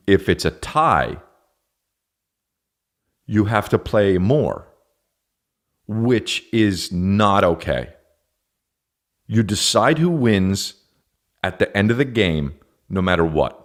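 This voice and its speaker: Dude ranting on his comedy podcast, kinda low voice, swears a ton, super animated. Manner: profane, exasperated ranting with mock voices. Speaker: podcast host. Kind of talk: comedic rant.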